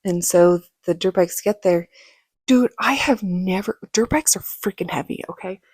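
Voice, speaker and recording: A woman vlogger telling a personal story casually, acting out quoted lines in a higher, louder voice. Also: normal speed, slightly rough, no echo, studio quality. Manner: casual, many fillers like "like".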